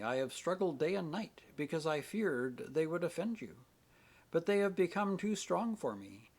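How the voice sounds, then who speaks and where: An earnest, devout young woman pleads softly but firmly, her voice husky and raised, moving through a lively melody. A man voices her in an audiobook reading. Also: a little high, pitched above the performer's own voice, full character voice.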